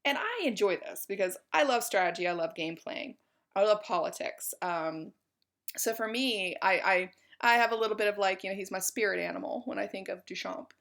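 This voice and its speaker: A woman's voice: medium pitch, fairly quick, vocal fry, fairly bright tone. A woman giving a college art history lecture in a chatty, informal way, with many fillers.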